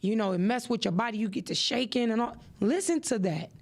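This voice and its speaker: Woman host with a gravelly edge, preachy and animated. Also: brisk. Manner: animated and preachy, with expressive rises in pitch. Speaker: podcast host. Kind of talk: motivational podcast talk.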